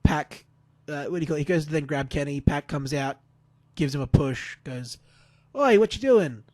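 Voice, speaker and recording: A man's voice: fairly high pitch, steady tone, moderate pace, darkish tone, no room sound. Man giving a rambling wrestling recap. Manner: rambling play-by-play with fillers and restarts. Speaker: podcast co-host. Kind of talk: casual wrestling recap chat.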